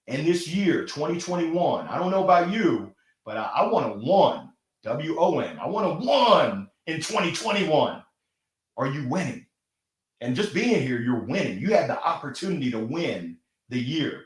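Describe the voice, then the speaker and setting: A man's voice: a little high, unhurried, echoey room. Upbeat man hosting a live stream. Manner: energetic, enthusiastic, laughs often. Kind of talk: live motivational talk, reading viewer comments. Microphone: gold microphone.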